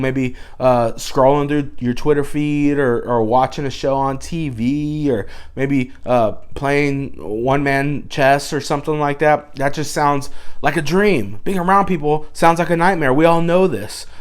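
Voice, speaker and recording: Man, dad vlogger, sarcastic, mock-serious, mid-pitched voice, sudden loud bursts. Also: a little slow, clear, resonant tone. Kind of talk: sarcastic advice vlog.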